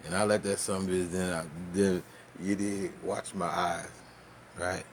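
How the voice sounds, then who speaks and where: A man telling a profane, animated story in casual talk, with laughs and spoken sound effects. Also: deep voice, normal speed, slight background noise.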